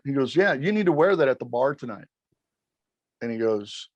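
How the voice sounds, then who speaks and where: A middle-aged man, a former wrestling referee, telling stories as an interview guest in an animated, rambling way, swearing constantly and acting out quotes. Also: medium pitch, fairly quick, dry recording, highs cut off. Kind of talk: profane, rambling storytelling.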